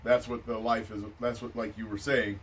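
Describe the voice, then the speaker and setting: A man muses at length in a relaxed, filler-heavy way as host of a casual chat. His pitch is ordinary for a man. He sounds set back from the mic, with faint background noise. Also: normal speed, recorded from a distance. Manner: laid-back and musing, with many filler phrases. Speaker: podcast host.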